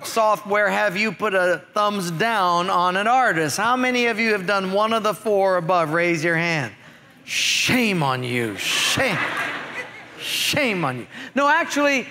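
A male pastor delivers a sermon with an animated, joking storyteller's manner. His voice sits very high and sounds bright and forceful.

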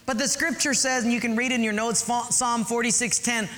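A man's voice: very high voice, steady tone, brisk, sharp tone. A man preaching a sermon earnestly, asking listeners to underline and write things in their notes. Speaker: pastor.

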